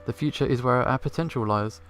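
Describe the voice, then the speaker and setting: A man voicing a smooth-talking male fox private investigator, reading his lines in a courteous, measured way. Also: medium pitch, soft background music, lightly acted. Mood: calm.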